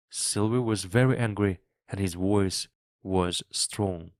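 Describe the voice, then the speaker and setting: A man narrating a simplified English novel aloud for language learners in a clear, even reading. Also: sits low, takes it slowly, no echo, studio quality. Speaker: English teacher reading a graded book.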